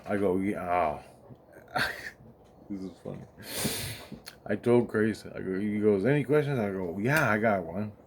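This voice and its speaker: A man with a lowish voice speaks at a measured pace with long pauses, over a little hiss or hum. In a rambling, casual monologue full of swearing, he recounts a spiritual experience, acting out the dialogue in his story and laughing often.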